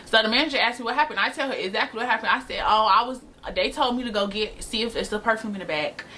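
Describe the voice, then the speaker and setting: A young woman telling a casual, animated storytime to camera, slangy and laughing often. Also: a little high, fast, a little hiss or hum. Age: young adult. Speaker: storytime vlogger. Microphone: camera mic.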